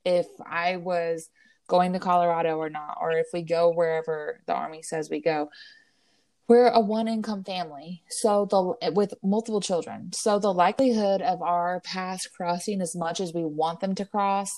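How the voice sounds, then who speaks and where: A woman's voice: on the low side, fairly even intonation, moderate pace, a little mellow, dry recording. A woman, co-hosting a podcast and telling emotional stories in casual chat. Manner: emotional storytelling, Southern "y'all", acts out quotes. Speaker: podcast co-host.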